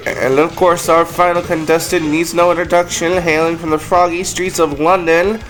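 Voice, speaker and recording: A man voicing a theatrical, sinister game show host, speaking in a slow, drawn-out showman manner. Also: fairly high pitch, level tone, a bit bright, soft background music, voice pushed up, natural voice. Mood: grandiose. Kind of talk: reading game dialogue aloud.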